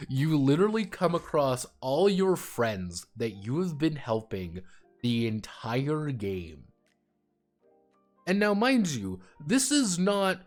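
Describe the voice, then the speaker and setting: A man's voice: mid-range voice, unhurried, faint music behind. A man streaming and chatting casually about games, rambling and swearing freely. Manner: rambling, profane, animated. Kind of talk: casual livestream chat.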